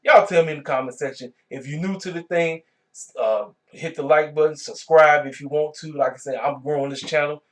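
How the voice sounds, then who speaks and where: Man, somewhat high voice, casual solo vlog host, animated and exclaiming. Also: fairly quick. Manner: animated, colloquial, exclaiming in disbelief. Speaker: wrestling review channel host.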